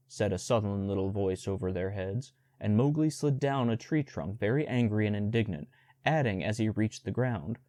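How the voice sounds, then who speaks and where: A man narrating a storybook audiobook in a measured, even storytelling manner. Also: fairly low pitch, no room sound.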